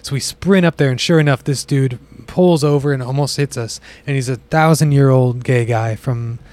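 A man from the US South tells a road-trip story on a podcast in a relaxed, chatty way. His voice sits at a middle pitch. He jumps higher and louder whenever he acts out what other people said. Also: normal speed, no echo. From US South (Bible Belt). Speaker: podcast guest. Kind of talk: casual storytelling.

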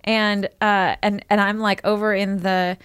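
A woman's voice: mid-range voice, flat delivery, a little slow, fairly bright tone, smooth, no echo. Chatty woman, dry close sound. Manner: chatty storyteller, many fillers and restarts, laughs easily. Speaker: podcast co-host. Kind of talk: casual chat.

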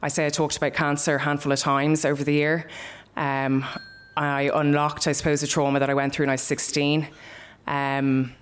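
A woman's voice: deep voice, level tone, normal speed, clear, resonant tone. A young Irish woman telling a personal story live, in a candid, conversational way with plenty of swearing.

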